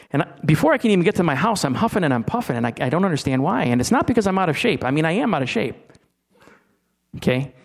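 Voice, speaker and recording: A middle-aged man preaching a sermon in a conversational way, stumbling over restarts and asking his listeners questions. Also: on the high side. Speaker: pastor.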